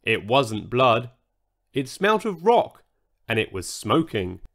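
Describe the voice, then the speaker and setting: A man reading a children's story aloud in an animated, expressive storytelling manner. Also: medium pitch, takes it slowly.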